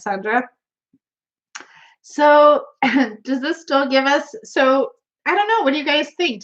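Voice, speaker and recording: A woman's voice: fairly high pitch, highs cut off. Giggly woman chatting on a home live stream. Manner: giggly, chatty, laughs often. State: runny nose. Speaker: tarot livestream host. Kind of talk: casual live-stream chat, reading viewer comments.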